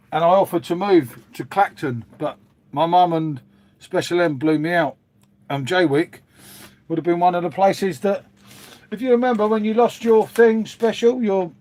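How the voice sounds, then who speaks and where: A man's voice: sits high, a little mellow. Rambling man chatting to his viewers. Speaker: livestream host reading chat. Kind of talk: casual chat with live viewers. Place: at home making a hot drink.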